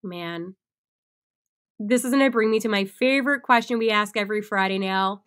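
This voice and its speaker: A young woman hosting a solo sports podcast, animated and excitable, often laughing at herself. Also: medium pitch, moderate pace. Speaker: podcast host.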